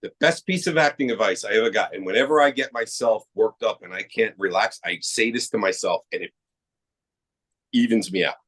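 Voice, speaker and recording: Animated middle-aged man telling stories. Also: lowish voice, fairly quick, slightly rough, rough recording. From Queens, New York. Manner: animated storyteller who acts out quoted dialogue. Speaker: actor guest. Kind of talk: casual podcast interview.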